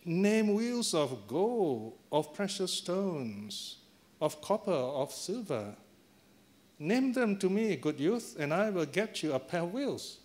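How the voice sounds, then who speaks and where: A man's voice: high-pitched, expressive, fast talker, darkish tone, pitched above the performer's own voice. A man voicing a stingy old Brahmin father who exclaims in a raised, incredulous voice. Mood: eager.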